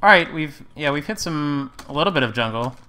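Bright, clear-voiced let's play host. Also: male voice, on the high side, expressive, brisk. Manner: rambling, self-correcting, wry. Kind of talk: casual gameplay commentary.

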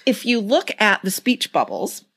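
Woman cohost, pitch all over the place, explains stuff step by step. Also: very animated, a little slow, fairly bright tone, husky. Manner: explains step by step, playfully mimics lines. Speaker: podcast co-host. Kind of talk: casual chat.

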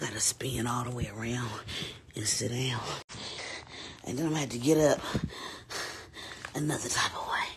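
A woman in her forties, a comedy creator chatting casually to her viewers in a low-key, rambling, joking way. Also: a little mellow, a little hiss or hum. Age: 40s.

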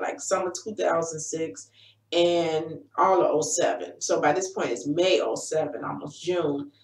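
Earnest woman in her 40s, roomy sound. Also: on the low side. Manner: earnest, direct, encouraging. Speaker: life coach sharing her story. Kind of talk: personal testimony to camera. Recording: roomy echo, voice from a distance.

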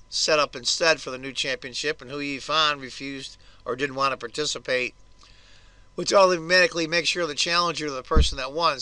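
A hoarse man hosting his own chess video, talking through a game's moves with blunt, grumbling asides. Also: on the high side, bright, forceful tone, no room sound. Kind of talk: casual chess game commentary.

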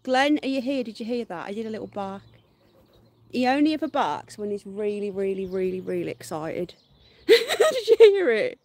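A woman's voice: medium pitch, sing-song, moderate pace, darkish tone. A woman hosting a casual garden livestream, chatting to viewers and cooing baby talk at her dog with frequent laughter, recorded outdoors. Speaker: livestream host. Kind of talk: casual live-stream chat with pets and viewers.

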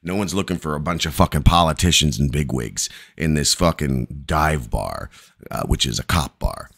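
A man's voice: a bass voice, animated, normal speed, vocal fry, a bit bright. A man hosting a live stream, telling a long, rambling story full of profanity.

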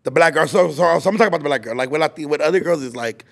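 Young male podcast host, twenties, a bit high and gravelly, rambling and slangy. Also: lively intonation, rapid-fire. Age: 20s. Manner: rambling storyteller, lots of filler and slang. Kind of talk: casual chat.

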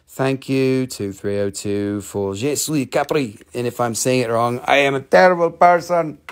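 Speaking at a moderate pace with a medium-pitched voice, this middle-aged Western North Carolina man hosts a casual live sale of stones. His sales chat is rambling and jokey, dipping into a mock Italian-French accent.

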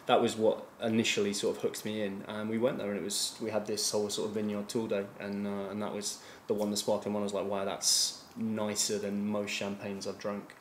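A man from England chats fast and rambles through his story, leaning on fillers as he goes. His pitch stays flat. The room around him is echoey, with a faint hiss. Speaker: guest. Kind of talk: casual chat. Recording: roomy echo, faint noise.

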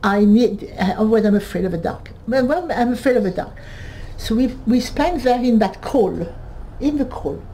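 A woman in her eighties from northern France with a French accent, giving a halting personal testimony, often restarting and repeating words. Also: fairly high pitch, expressive, mellow, a little hiss or hum, low-quality recording. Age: 80s. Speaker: Holocaust survivor giving testimony.

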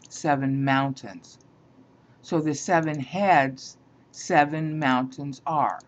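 A woman teaching a Bible lesson, explaining grammar point by point and often checking in with "all right?". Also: sits low. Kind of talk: slow explanatory lecture. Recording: dull lo-fi sound.

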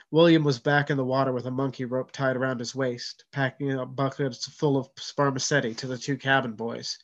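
A man reads his own fiction aloud in a measured, steady voice at a middling pitch. The recording is dull and lo-fi. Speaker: author.

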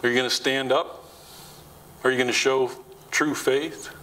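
This church sermon comes from a male pastor whose level voice sounds pushed and bright, moving a little slowly. He speaks conversationally, questions the congregation, and acts out quoted lines with rising pitch. It's a rough recording.

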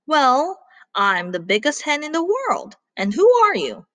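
A woman voicing a big, gentle cow who believes she is a hen, speaking proudly and wide-eyed. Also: high-pitched, sing-song, unhurried, pitched above the performer's own voice, full character voice.

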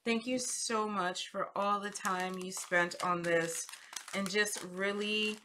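A woman hosting a crafting channel, chatting casually and gushing excitedly as she unboxes gifts at her desk. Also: mid-range voice, slow. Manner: gushing, excitable, squeals over cute items. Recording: clear background noise, paper crinkling.

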